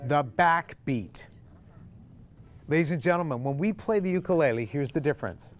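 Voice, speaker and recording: A man's voice: a little high, animated, moderate pace. A man teaching a group ukulele class, counting beats aloud, calling chords and quizzing the students. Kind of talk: group music lesson. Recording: loud ukulele strumming behind.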